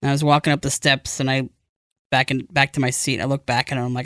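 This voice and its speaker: A man co-hosting a podcast, asking quick questions and telling anecdotes in casual chat. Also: mid-range voice, flat delivery, a bit bright, no echo, studio quality. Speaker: podcast co-host.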